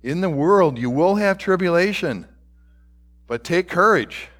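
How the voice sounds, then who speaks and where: Pastor guy preaching slow, kinda high voice, reads scripture all dramatic then goes quiet and whispery. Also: lively intonation. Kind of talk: sermon.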